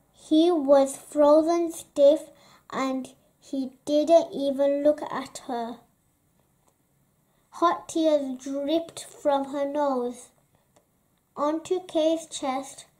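A woman reads a children's storybook aloud, gentle and expressive. Her voice sits high, and she takes every phrase very slowly, pausing between them. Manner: slow, gentle, expressive reading. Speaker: storybook reader.

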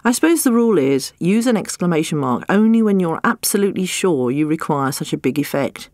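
A narrator reads a comic nonfiction audiobook with a dry, wry wit. The voice sits at a middling pitch and is recorded close and dry, with no room sound around it. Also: animated, fairly quick, a little mellow, dry recording.

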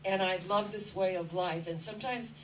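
A woman's voice: medium pitch, moderate pace, recorded from a distance, a little hiss or hum, rough recording. A woman spiritual teacher giving an earnest inspirational talk and telling stories. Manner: earnest, storytelling.

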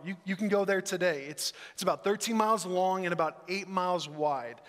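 Pastor, male, bright and high-voiced, casual animated sermon delivery, recorded in a reverberant sanctuary. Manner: conversational and animated, acts out voices in quotes. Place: church sanctuary. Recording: church sanctuary with long reverb.

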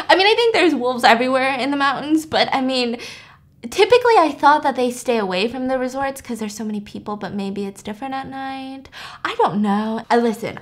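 A woman's voice: high voice, a bit bright. A young woman hosting a podcast, casually retelling a movie in a chatty way, laughing often and acting out the characters' lines. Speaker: podcast host recapping a movie. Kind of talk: casual storytelling chat.

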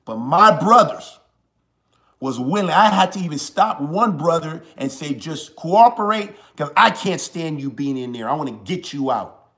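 A man in his forties hosting a live show, delivering a preachy, impassioned monologue. He repeats his points, dropping to a hush and then rising to forceful emphasis. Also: fairly high pitch, lively intonation, normal speed. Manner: preachy, swings from hushed to forceful, repeats lines.

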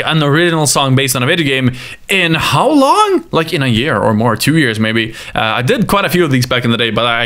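A man casually talking through his own past videos, animated and laughing often, openly emotional at times. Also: fairly high pitch. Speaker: YouTuber looking back on his videos. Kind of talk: casual commentary over his own clips. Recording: music bed under the voice. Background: his own music playing underneath.

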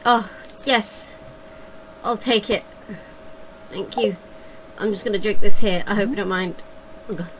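A woman's voice: medium pitch, measured pace, long pauses, slight background noise, poor audio. A woman giving casual let's-play commentary, comically dramatic and given to whiny pleading. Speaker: video game player.

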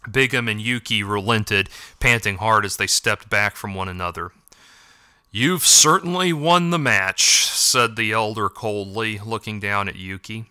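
A man narrating a story in an even, measured way. His voice is very bright and crisp, recorded dry and close. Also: lowish voice, no echo. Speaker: audiobook narrator. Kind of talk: scripted narration.

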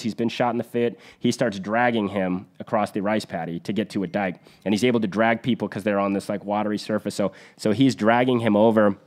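Low-voiced man telling a war story. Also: a little mellow. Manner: vivid, earnest retelling with restarts. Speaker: podcast host.

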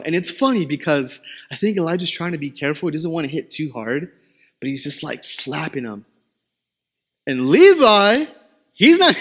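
A young male pastor delivers his sermon in a high, bright voice. He tells stories with lively, self-deprecating humor. His pitch swings sharply for dramatic emphasis.

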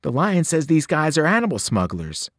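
A man voicing an anxious, earnest young male satyr who speaks in a high, urgent voice. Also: huge pitch swings, normal speed, dry recording, clean studio sound, heavily acted.

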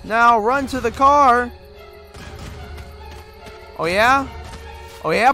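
A young man casually commenting on a horror game he plays, loud, excitable, laughing and swearing. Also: very high-pitched, takes it slowly, pauses often, soft background music. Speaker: gaming host. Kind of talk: let's play commentary.

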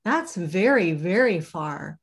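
A large, tender male hare from a bedtime picture book, read by a woman. His lines are gentle and soothing. The pace is slow and patient. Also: lowish voice, sing-song, exaggerated voice. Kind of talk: children's storybook reading.

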